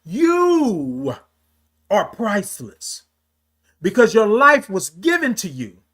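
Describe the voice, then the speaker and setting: High-voiced man giving a motivational livestream. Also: very animated, unhurried, a bit bright. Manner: preachy, talks straight to viewers, greets commenters. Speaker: livestream host. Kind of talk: casual motivational livestream talk.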